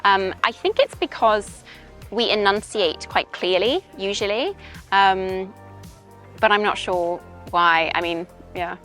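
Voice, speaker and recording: Bright young British woman from Wales. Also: medium pitch, slow pace, faint music behind. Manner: chatty, explains with examples, laughs often. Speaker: English teacher, interview guest. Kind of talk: casual interview chat. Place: outdoors in a park. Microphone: handheld voice recorder.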